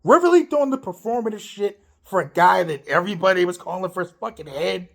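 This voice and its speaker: A man's voice: fairly quick, creaky. A man ranting to camera about wrestling, swearing freely and sounding exasperated. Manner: lively, swooping pitch. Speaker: wrestling commentator. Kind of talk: opinion rant to camera.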